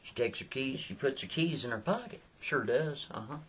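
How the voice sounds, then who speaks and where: A man's voice: mid-range voice, expressive, moderate pace, fairly bright tone, slight background noise. A man telling a story in a folksy, chatty way, often turning aside to the listener. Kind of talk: casual spoken storytelling.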